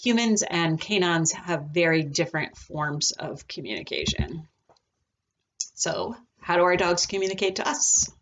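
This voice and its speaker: A woman teaching a recorded lesson on dog behavior, talking in a relaxed, chatty way with frequent ums. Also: on the low side, unhurried, slight background noise. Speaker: dog trainer.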